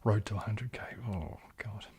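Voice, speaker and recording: Brief: New Zealand man, whispered soft-spoken chat, slightly low voice, hesitant. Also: normal speed, husky. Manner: shifts between whisper and soft speech, hesitant with fillers. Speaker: ASMR livestream host.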